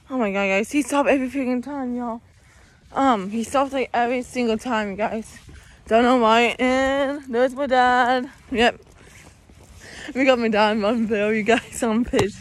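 A young woman vlogging outdoors while she walks, talking to her viewers in a rambling way and saying "you guys" constantly. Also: sits high. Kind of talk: casual walking vlog. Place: outdoors on a walk.

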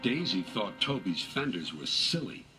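A man narrating a children's story at a slow, easy pace, his voice rising and falling widely. Storybook music plays clearly beneath him. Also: on the low side. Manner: unhurried and expressive. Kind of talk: storybook reading. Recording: music bed under narration.

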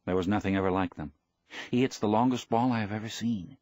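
A man's voice: fairly low pitch, quick pace, a little mellow, no room sound, studio quality, voice pushed up, close to an everyday voice. A man putting on an eager young boy. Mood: earnest. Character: devoted young boy, earnest and caring.

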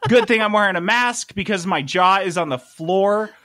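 A man on a podcast telling a story casually, animated and exasperated, swearing freely. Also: high voice, moderate pace, no room sound, studio quality. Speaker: podcast host.

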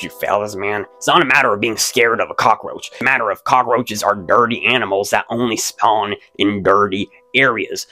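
A man's voice: fairly low pitch, sharp tone. A man hosting his own channel, reading hate comments aloud and ranting back at them in a boastful, mocking and profane way.

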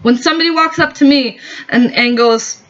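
A woman's voice: high-pitched, moderate pace, fairly bright tone, highs cut off. A woman vlogger in a heated, profane, rambling opinion rant.

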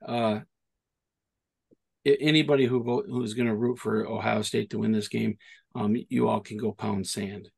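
A man's voice: fairly low pitch, fairly even intonation, moderate pace, gravelly, darkish tone, breathy edge. A middle-aged man from Michigan, co-hosting a podcast and telling rambling stories in casual chat, often restarting his sentences. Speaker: podcast co-host.

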